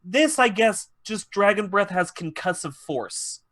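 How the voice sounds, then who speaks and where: Man, podcast host, fairly high voice, casual, swears a lot, rambling retelling. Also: expressive, a little slow, fairly bright tone. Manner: profane, rambling, acts out quoted lines. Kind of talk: casual chat, retelling a TV episode.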